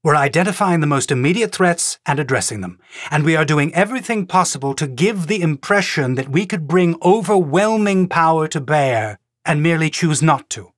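A man voicing a cautious planetary governor who speaks in a careful, measured way. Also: fairly high pitch, animated, dry recording, studio quality, voice pushed up, natural voice.

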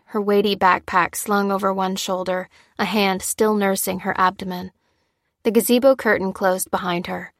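A woman reading a story aloud in steady, even scripted narration. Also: mid-range voice, dry recording, clean studio sound. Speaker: audiobook narrator.

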